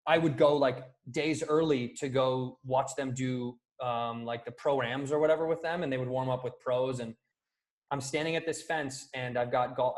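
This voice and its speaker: A man from the Chicago area tells stories in a relaxed podcast chat. His voice sits at an ordinary pitch, and he acts out each person in his anecdotes. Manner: animated storyteller, acts out quoted voices. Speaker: podcast guest. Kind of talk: casual podcast storytelling.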